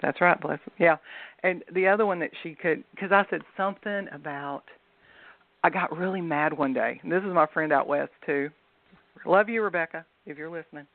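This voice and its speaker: A woman's voice: low-pitched, normal speed, dry recording. A woman with a Southern US accent, telling stories as a guest in a casual chat. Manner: chatty storyteller. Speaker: guest author. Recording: dry phone-line audio.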